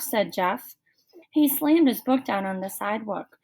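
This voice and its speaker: A woman, like a teacher, reading a children's novel aloud in expressive, unhurried storytelling. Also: mid-range voice.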